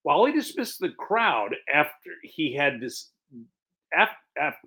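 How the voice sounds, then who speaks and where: A man preaching in an easy, talkative way, moving between scripture readings and plain explanation. His voice sits a little higher than most men's. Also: a little slow. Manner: relaxed, chatty, explains as he goes. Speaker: pastor. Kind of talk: conversational sermon with scripture reading.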